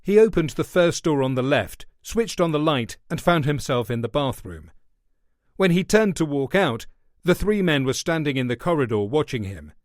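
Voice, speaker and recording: A man reading a thriller audiobook in a steady, measured way. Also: a little high, no echo, clean studio sound. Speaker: audiobook narrator. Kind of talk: scripted narration.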